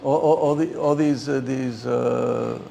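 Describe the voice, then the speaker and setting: An older man, teaching an informal class as a rabbi, halting and repeating words as he speaks. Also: mid-range voice, vocal fry, a little hiss or hum. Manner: halting, repeats words often, animated when stressing points. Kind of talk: informal Torah class talk.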